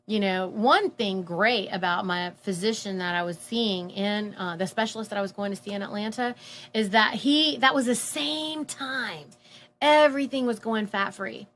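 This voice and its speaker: A woman casually telling a personal story, animated and full of fillers, acting out the voices of people she quotes. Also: medium pitch, normal speed, a little hiss or hum. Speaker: guest telling her story.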